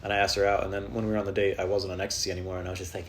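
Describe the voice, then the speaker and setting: A man's voice: level tone, very fast, a little hiss or hum. A man who is a stand-up comedian, talking on his solo podcast at home in an off-the-cuff, self-mocking and profane way, telling rambling comic stories. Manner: jumps into high, loud put-on voices when quoting people.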